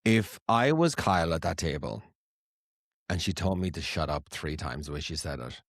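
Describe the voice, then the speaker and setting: A man's voice: low-pitched, lively intonation, normal speed, no echo. Gossipy, swearing man on a dry mic. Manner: gossipy, swears freely, acts out quotes. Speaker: podcast co-host. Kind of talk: casual chat.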